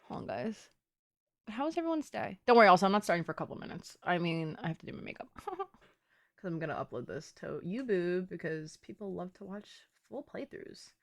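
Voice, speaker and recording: A woman's voice: on the low side, big pitch swings, brisk, creaky. A young woman streaming from home, chatting playfully with her viewers and swearing casually. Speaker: game streamer. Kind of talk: casual live-stream chat.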